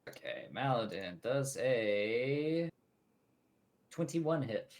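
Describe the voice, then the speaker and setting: A man's voice: medium pitch, very slow. A man running a tabletop game as dungeon master, calling out rolls and narrating the results casually. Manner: casual, chuckling, relaxed narration of dice results.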